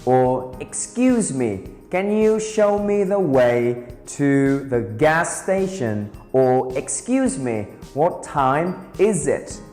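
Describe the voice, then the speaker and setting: A man teaching beginner English, speaking slowly and carefully and repeating each phrase for drilling. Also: medium pitch, sing-song. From Vietnam. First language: Vietnamese. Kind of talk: beginner language lesson. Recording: roomy reverberant sound with soft guitar music.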